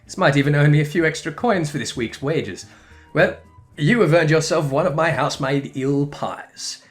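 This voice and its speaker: A man doing a shrill, fussy household cook. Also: normal speed, soft background music, natural voice.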